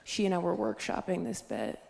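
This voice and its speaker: A young woman doing stand-up in a live room with a long, ringing hall echo. Her voice carries a gravelly, creaky texture, and she tells her stories deadpan, jumping into high squeaky voices for the people she quotes. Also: a little fast, crowd noise. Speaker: stand-up comedian. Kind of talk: stand-up set. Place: live comedy stage, audience laughter. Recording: live stage mic in a hall.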